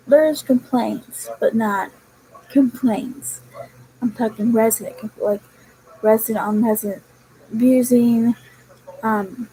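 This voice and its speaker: A young woman talks slowly and casually to the camera, rambling through a chatty story. Her voice sits a little high and sounds dark and mellow. A faint hum runs behind her. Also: poor audio. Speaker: vlogger. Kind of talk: casual chat.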